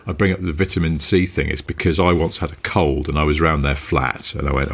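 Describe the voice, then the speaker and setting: A British man co-hosting a casual podcast, telling animated anecdotes and chuckling. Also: very deep voice, a little fast, a little hiss or hum. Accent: British English. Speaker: podcast co-host. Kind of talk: casual chat.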